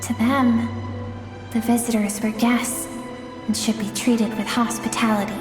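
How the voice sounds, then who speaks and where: A woman voicing a gentle female storyteller who recounts memories in slow, measured, wistful narration for a game cutscene. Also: fairly high pitch, little pitch movement, lightly acted. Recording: echoey hall sound over game music. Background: music.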